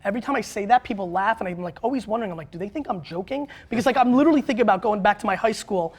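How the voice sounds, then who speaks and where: A man guest in a studio interview, an author and marketer who talks bluntly and excitably, with quick restarts. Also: high-pitched, slightly rough. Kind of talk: animated interview talk.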